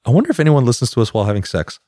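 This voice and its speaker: A man's voice: mid-range voice, wildly swooping pitch, racing, mellow, no room sound, clean studio sound. Chatty teasing podcast host man. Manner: chatty, teasing, rambling plugs. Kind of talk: casual chat.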